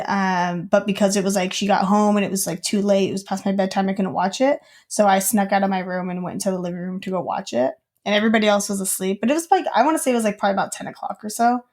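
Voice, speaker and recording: A woman's voice: mid-range voice, steady tone, quick pace, darkish tone. A young woman co-hosting a podcast, telling a childhood story in casual chat with lots of fillers. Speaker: podcast co-host.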